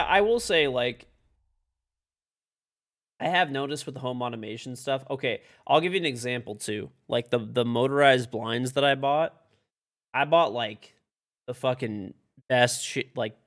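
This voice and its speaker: A man's voice: mid-range voice, normal speed, a bit bright. A young man live-streaming a game from home, rambling casually and swearing, with lots of "like" in his speech. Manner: rambling and profane, full of "like". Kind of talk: casual live-stream chat while gaming.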